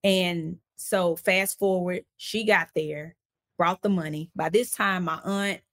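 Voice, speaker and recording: A woman, an interview guest, recounting a personal story in a casual, animated way and acting out the voices of the people in it. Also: lowish voice, slow pace. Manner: animated, acts out quoted voices while recounting events; casual, conversational phrasing.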